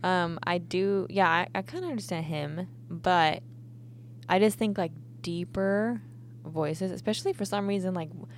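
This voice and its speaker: Young woman on a podcast, kinda low voice, rambles, says like constantly, faint hum. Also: moderate pace. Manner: rambling, lots of likes and restarts. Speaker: podcast co-host. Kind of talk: casual chat.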